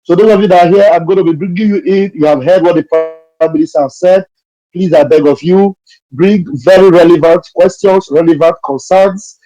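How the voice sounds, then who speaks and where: A man moderating a live audio session, speaking haltingly with many pauses and fillers. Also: high voice, dark tone, dull audio, faint music behind.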